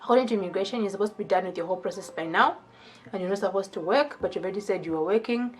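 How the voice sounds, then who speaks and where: A woman voicing a tired female immigration officer who talks briskly and dismissively. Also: mid-range voice, natural voice. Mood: stern. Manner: brisk, dismissive, matter-of-fact.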